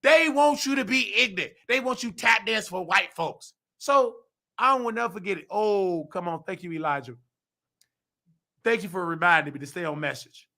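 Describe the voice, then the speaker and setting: Man host, heated slangy vlog rant, high piercing voice. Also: normal speed, pushed and bright. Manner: heated, preachy, slangy ranting; mimics other people's voices in quotes. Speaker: nursing assistant. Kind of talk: ranting vlog monologue.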